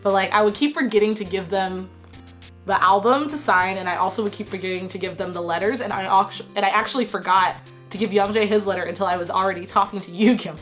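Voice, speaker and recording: A young Texan woman recounts a story in a casual, rambling way, laughing between thoughts. Her voice sounds worn from a cold, her pitch sits in a middle range, and faint music plays quietly behind her. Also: fast talker. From Texas, USA. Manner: chatty, animated retelling with frequent 'like' and laughs. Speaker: vlogger.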